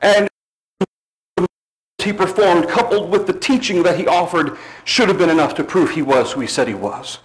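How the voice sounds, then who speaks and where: A man preaching a sermon, emphatic, slowing down on key words and dropping low at the end of phrases. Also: rough recording.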